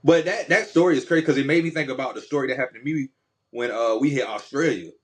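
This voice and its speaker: A man's voice: mid-range voice, quick pace. A man from Georgia, co-hosting a casual podcast chat and telling stories in slangy speech full of fillers. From Georgia, USA. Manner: slangy, storytelling with repeated fillers. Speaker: podcast co-host.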